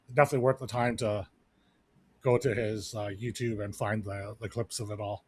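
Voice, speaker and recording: A man's voice: on the low side, steady tone, brisk, slightly rough. A man co-hosting a podcast, chatting casually and rambling with lots of fillers and restarts. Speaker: podcast co-host. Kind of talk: casual chat.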